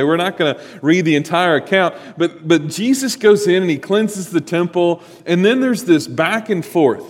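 Man, pastor, preaching, animated storyteller, slightly high voice, long church reverb. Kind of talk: sermon.

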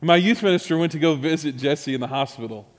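A man's voice: fairly high pitch, fast talker, big-room sound. A middle-aged man, a pastor preaching a sermon and telling stories with mounting emphasis. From Texas, USA. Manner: storytelling, animated, with rising emphasis and restarts.

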